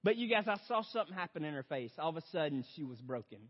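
A young adult man preaching a sermon as a story, talking straight to his listeners and swinging between loud outbursts and hushed reflection. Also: on the high side, big pitch swings, racing. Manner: storytelling, addresses audience as "you guys". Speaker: pastor. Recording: dull lo-fi sound in a big reverberant hall.

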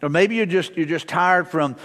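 A man's voice: fairly high pitch, moderate pace, fairly bright tone. A middle-aged male pastor preaching a sermon in a church, casual and conversational, mixing family stories with repeated short prayers. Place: church sanctuary. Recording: long church-hall reverb.

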